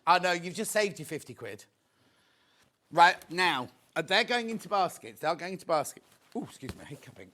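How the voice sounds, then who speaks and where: A British man presents live on a TV shopping channel with his voice sitting fairly high. His pitch swings widely as he chats, counts down stock and teases the crew. He sounds excitable and talkative. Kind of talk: live TV shopping sales patter. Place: TV studio.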